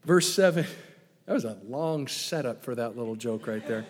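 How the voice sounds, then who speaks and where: A man preaching a sermon as pastor, playful and animated, dropping to hushed tones for emphasis. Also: medium pitch, moderate pace. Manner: animated, playful asides with sudden hushed drops. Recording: long echo of a large hall.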